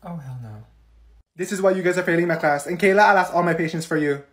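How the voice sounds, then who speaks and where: A man's voice: fairly high pitch, fast, a bit bright, lightly acted. A man playing an exasperated, sarcastic schoolteacher in a comedy skit. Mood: scolding. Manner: exasperated, scolding. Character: fed-up sarcastic schoolteacher, strict. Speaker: comedy sketch creator.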